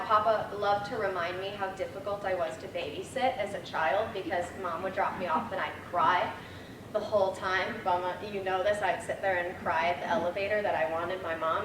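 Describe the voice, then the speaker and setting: A young woman in her twenties shares funny memories at a memorial, chatty and full of fillers. She sounds far from the mic in a roomy, echoing hall. The noisy room is clearly heard behind her. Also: mid-range voice. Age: 20s. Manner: chatty, laughing, storytelling with many fillers. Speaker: granddaughter giving a eulogy. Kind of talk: memorial speech with funny stories.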